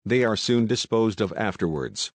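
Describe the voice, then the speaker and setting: A man voicing a cynical male revolutionary plotter who speaks softly and coolly. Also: fairly low pitch, moderate pace, no room sound, natural voice. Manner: soft, cool and cynical.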